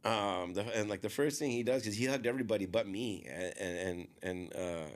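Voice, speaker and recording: A man's voice: fairly low pitch, brisk. A man telling a long story in a casual podcast chat, rambling, full of fillers, and often quoting what others said.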